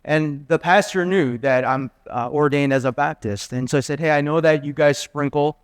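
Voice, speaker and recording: A middle-aged man preaching, his voice smooth and resonant with a slightly high pitch. He tells personal stories earnestly and acts out each line of dialogue. The sound is close and dry. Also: moderate pace, no room sound. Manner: earnest storytelling, quoting dialogue in lively voices. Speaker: guest preacher.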